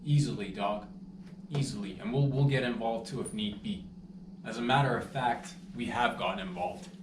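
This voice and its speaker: A man doing a brash, rambling comedic sales pitch, breaking into loud outbursts. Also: moderate pace, reverberant, far from the mic, background noise.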